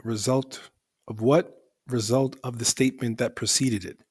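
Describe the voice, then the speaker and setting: A man's voice: medium pitch, steady tone, moderate pace, breathy edge. A male teacher explaining the grammar of an Arabic poem line by line, in a methodical way that repeats and rephrases for emphasis.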